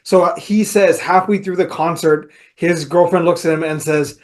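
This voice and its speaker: A man's voice: fairly high pitch, fairly even intonation, normal speed, hardly any pauses. A man co-hosting a casual podcast, telling anecdotes and dropping dry wisecracks. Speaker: podcast co-host.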